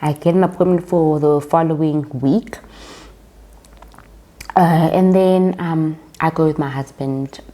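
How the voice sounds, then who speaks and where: A young woman with a South African accent tells a personal story straight to her viewers, slow and unhurried. Her voice sits a little low. She keeps calling them guys and acts out the people in her story. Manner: chatty, animated retelling with quoted dialogue. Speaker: vlogger. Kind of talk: casual storytime chat.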